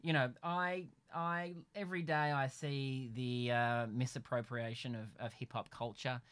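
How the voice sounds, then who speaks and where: A man's voice: mid-range voice, steady tone, unhurried, fairly bright tone, clean tone. A middle-aged Australian man co-hosting a podcast, talking in a dry, wry and rambling way with many fillers. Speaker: podcast co-host. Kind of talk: casual chat. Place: a house in the evening.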